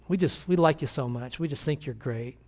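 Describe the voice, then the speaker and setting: Man playing a mother, earnest, halting, stumbling, soft. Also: on the high side. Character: earnest middle-aged mother, hesitant.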